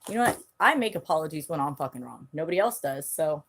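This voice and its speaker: A woman's voice: low voice, animated, fast talker, slight background noise. A woman hosting her own channel, ranting bluntly on a live stream, angry and swearing heavily. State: angry, agitated. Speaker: channel host.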